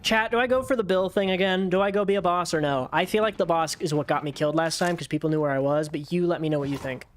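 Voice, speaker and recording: A young man live-streaming a video game, chatting casually with his viewers, swearing and yelling excitedly when things get tense. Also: on the high side, fast talker, few pauses, a little hiss or hum.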